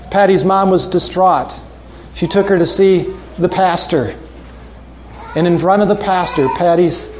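Earnest preacher man, soft low appeals. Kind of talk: sermon with closing story and altar call.

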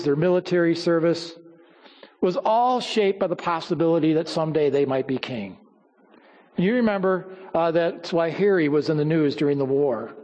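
A man preaching a sermon, telling stories and quoting scripture, often dropping low and quiet for emphasis. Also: in a large hall. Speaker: pastor.

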